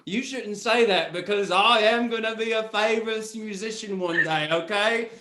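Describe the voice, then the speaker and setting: A man's voice: high-pitched, moderate pace, pushed and bright, a little hiss or hum. A man playing a boastful Christmas spirit in a roomy hall. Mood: coaxing. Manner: boastful, coaxing, calls people love. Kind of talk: drunken improv stage comedy.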